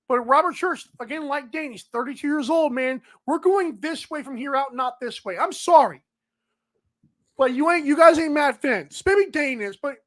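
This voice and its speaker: A woman's voice: high-pitched, fairly bright tone. A woman hosting a sports betting podcast, rambling casually and talking straight to the players she discusses.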